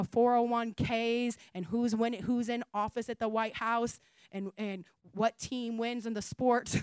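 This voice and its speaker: A woman pastor preaching a sermon in a conversational style, rising to emphatic calls and then dropping to soft asides. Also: a little high, clear, resonant tone, no room sound. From United States.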